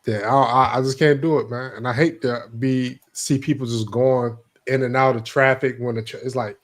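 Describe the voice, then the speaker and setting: Casting note: a man, mid-range voice, easygoing and full of slang. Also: medium pitch. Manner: relaxed, drawn-out storytelling, slang-heavy. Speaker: co-host. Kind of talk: casual chat.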